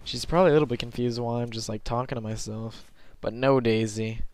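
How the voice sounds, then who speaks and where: A young man with a mid-range voice offers rambling gameplay commentary from his bed late at night. He sounds self-conscious and keeps filling pauses with ums.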